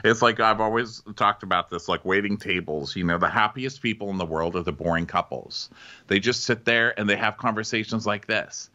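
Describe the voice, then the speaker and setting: A man's voice: lowish voice, a little fast, pushed and bright, muffled recording. A man co-hosting a comedy podcast, recapping a reality show in a wry, storytelling manner. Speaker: podcast co-host.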